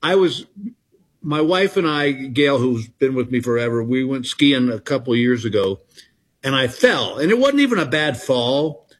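A middle-aged man, a comedian telling stories in an interview, halting and self-deprecating. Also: mid-range voice, lively intonation, breathy edge. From Texas. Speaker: comedian guest. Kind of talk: casual interview chat.

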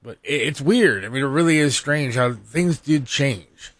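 A man co-hosting a talk show in casual chat, speaking emphatically and stating opinions flatly. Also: medium pitch, measured pace, no echo.

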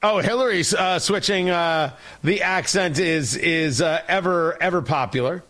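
A man's voice: sits high, a little slow, sharp tone. A male talk show host giving sarcastic, rambling political commentary. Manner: sarcastic, mocking, rambling with restarts.

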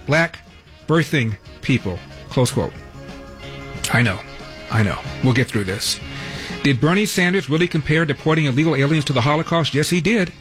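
A man's voice: on the high side, fairly bright tone. A man hosting a talk radio show, delivering news items with wry, sarcastic asides from a studio.

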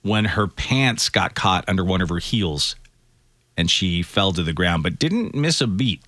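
A man's voice: sits low, lively intonation, a little slow, a bit bright, a little hiss or hum. A man hosting a radio show, reading entertainment news items and chatting casually about them. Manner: reads items then chats loosely.

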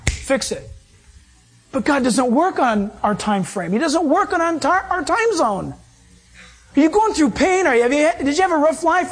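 A man preaching from the pulpit, with a high, slightly husky voice. He delivers his sermon in animated, emphatic bursts, shifting between quick and drawn-out phrases. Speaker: pastor.

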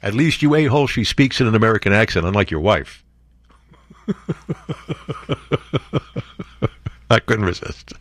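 A sarcastic man talking through the news in a casual, jokey way. His pitch jumps around, from low mutters to high mock alarm. The voice sounds close and dry, with no room around it. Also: lively intonation, fast talker, no room sound. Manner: sarcastic, jokey asides, frequent fillers; swings between mock outrage and mutters. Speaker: commentary host. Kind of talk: casual political commentary, reading news aloud.

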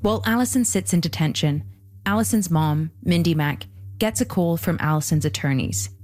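Low voiced woman narrating a true crime doc, steady scripted read, faint music behind. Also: moderate pace. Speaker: podcast host and narrator.

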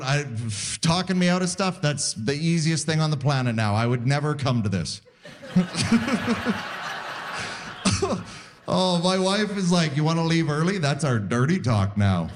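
Guy in his 40s doing standup, lively bouncy voice, crowd noise behind, kinda high. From Canada. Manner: wry, animated, acts out voices. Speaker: stand-up comedian. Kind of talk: stand-up set. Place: live comedy venue with audience.

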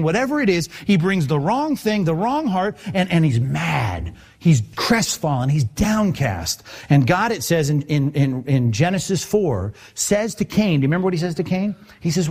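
A male pastor giving a sermon in a conversational, animated way, often asking his listeners rhetorical questions. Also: a little high.

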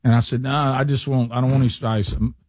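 A man's voice: medium pitch, level tone, quick pace, darkish tone, no echo. Man, radio host, rambling storyteller, many restarts, dry close mic. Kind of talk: casual talk radio banter.

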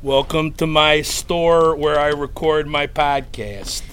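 A man's voice: a little high, steady tone, slow, a bit bright, slight background noise. A man from Chicago, a podcaster, answering interview questions in a playful way. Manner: playful, laughing. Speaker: podcaster and musician.

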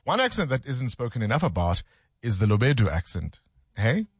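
A South African man hosts a radio talk show in an easy, chatty way. His voice is a little husky and the sound is dry and close. He laughs easily between remarks. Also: medium pitch, wildly swooping pitch, a little fast, no room sound.

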